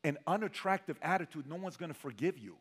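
A man's voice: fairly high pitch, animated, fast talker, a bit bright, slightly rough. A man giving a motivational stage talk to a sales audience, telling stories animatedly and acting out the people in them. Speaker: sales trainer speaking to an audience. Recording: reverberant hall.

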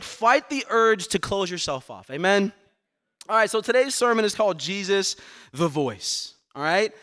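Man, pastor, sermon, earnest, repeats himself for emphasis, higher voice. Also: big pitch swings, moderate pace, fairly bright tone. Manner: earnest, repeats words when pressing a point. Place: church sanctuary.

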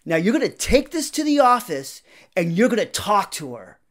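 A man doing a calm, teasing teacher. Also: high-pitched, moderate pace.

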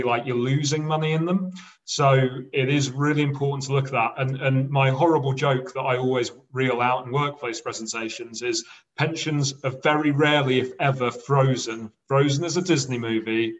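A man's voice: medium pitch, recorded from a distance, muffled recording. A man talking as a guest on a podcast, explaining eagerly in a casual way. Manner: enthusiastic, explanatory. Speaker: podcast guest, pensions specialist. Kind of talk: casual interview chat.

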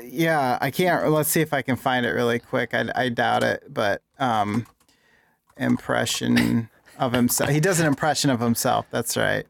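A man's voice: medium pitch, moderate pace, vocal fry. An easygoing man co-hosting a podcast, chatting casually and laughing often. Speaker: podcast co-host.

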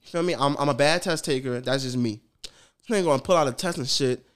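A man's voice: medium pitch, fast. A man co-hosting a podcast, telling stories in slangy, profane casual chat. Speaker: podcast co-host.

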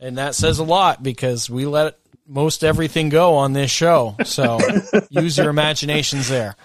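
A man co-hosts a casual podcast with a wry, teasing manner. His voice sits a little high. The recording is dry and close. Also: normal speed, no room sound. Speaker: podcast co-host. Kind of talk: casual chat.

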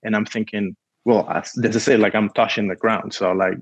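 Fairly quick and fairly even, a man's voice with a breathy edge and fairly low pitch rambles through a casual story as a guest, leaning on "like" and acting out quotes. He's from Cuba and grew up speaking Spanish. There's no room sound, and the highs are cut off.

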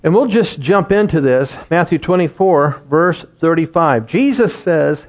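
Animated high-voiced male preacher. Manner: animated, laughs at his own jokes, slows to stress words. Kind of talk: sermon with Bible reading.

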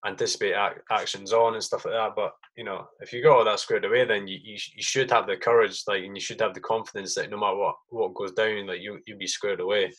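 A man's voice: lowish voice, fairly even intonation, fast talker, hardly any pauses, fairly bright tone, breathy edge, poor audio. A man from Britain hosting a podcast with an army comrade, talking in a loose, rambling way and swearing freely. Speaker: podcast host. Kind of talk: casual chat.

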